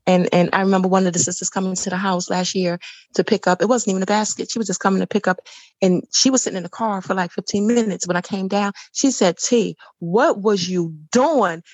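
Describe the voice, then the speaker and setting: A woman's voice: mid-range voice, steady tone, quick pace, a little mellow, no echo. A woman guest on a faith podcast who tells stories effusively and often repeats herself. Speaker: podcast guest, boutique founder. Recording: dull lo-fi sound.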